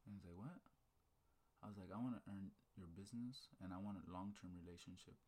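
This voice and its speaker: His voice sits low and he's a fast talker: a man in casual conversation telling a story with energy. He's an animated, fired-up storyteller who asks "right?" and "okay?" often, swearing casually and discussing faith.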